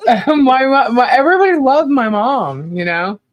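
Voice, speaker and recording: A woman's voice: high voice, big pitch swings, normal speed, dull audio. A woman co-hosting a podcast in casual chat, fondly and emotionally reminiscing and laughing often. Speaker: podcast co-host.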